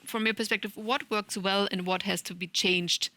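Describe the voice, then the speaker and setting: A woman's voice: medium pitch, steady tone, moderate pace, pushed and bright. A woman moderating a panel, asking and summing up questions with some hesitation.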